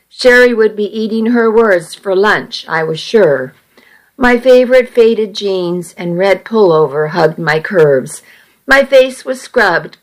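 A woman in her twenties reading a first-person story aloud, with wry, unhurried storytelling. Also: medium pitch. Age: 20s.

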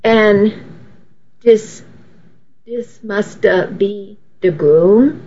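A woman's voice: medium pitch, drawn-out words, dark tone. A woman voicing a fond, feisty older grandmother who talks in a teasing, folksy way. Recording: dull, faintly noisy recording.

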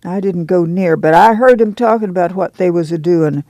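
A man's voice: high voice, normal speed, darkish tone, dry recording. Man voicing a fierce preachy camp woman. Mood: fervent. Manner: rural dialect, scolding, emphatic. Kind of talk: audiobook reading.

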